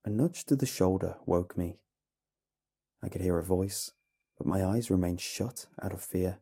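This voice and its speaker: A man narrating a horror story in a measured, dramatic way over a faint music bed. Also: low voice, dark tone, husky.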